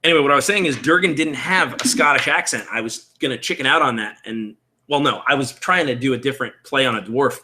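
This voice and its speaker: A fast-talking man with a mid-range, sharp-toned voice explains character creation live, rambling casually, thinking out loud and answering viewers in chat. He is a streamer building a game character in a room at home with window blinds.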